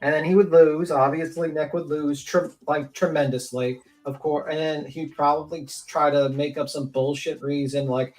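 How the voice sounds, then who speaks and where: A woman's voice: low-pitched, fairly even intonation, normal speed, few pauses, a little mellow, far from the mic, low-quality recording. A woman hosting a livestream panel, talking in a blunt, rambling and mocking way. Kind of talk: casual opinionated chat.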